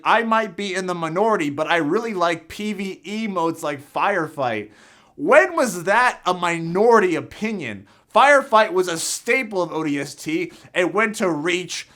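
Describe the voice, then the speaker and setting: A man's voice: a little high, pushed and bright. Heated, profane young man ranting. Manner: heated, profane, emotional, with frequent restarts. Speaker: gaming commentator. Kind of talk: passionate rant.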